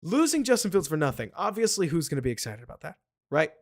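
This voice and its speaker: Talking fast in a fairly high voice, the host of a live football stream wanders from topic to topic and replies to viewers by name. His manner remains casual and animated throughout.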